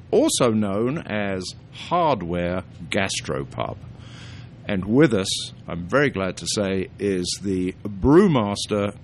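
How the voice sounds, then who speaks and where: A British man hosts a casual podcast with a jokey, animated manner. His pitch swings widely from phrase to phrase, and a faint low rumble sits behind him. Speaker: podcast host.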